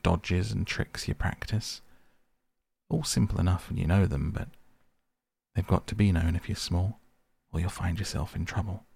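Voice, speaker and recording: A man's voice: low-pitched, vocal fry, a little mellow, breathy edge, dry recording, heavily acted. A man voicing a brave, good-natured water rat who speaks in a reassuring, hearty way.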